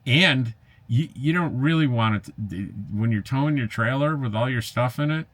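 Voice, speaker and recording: An RV travel vlogger with a mid-range, fairly bright voice reads viewer comments aloud at normal speed and answers them in a chatty, easygoing way. He uses plenty of fillers, laughs lightly, and carries a wry, slightly sarcastic edge. There's no echo.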